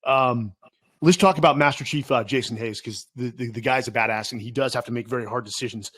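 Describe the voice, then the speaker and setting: A man's voice: mid-range voice, dry recording. A man, a podcast host and military veteran, asking long rambling questions full of fillers. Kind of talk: casual interview.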